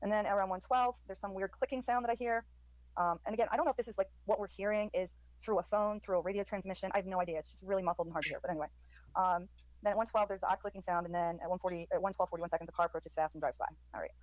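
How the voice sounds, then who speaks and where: A woman's voice: medium pitch, steady tone, very fast, dry recording, poor audio. A woman on a live stream describing sounds she hears in a recording, hesitant and full of ums. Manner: hesitant, many ums, quoting overheard lines. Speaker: commentator describing audio.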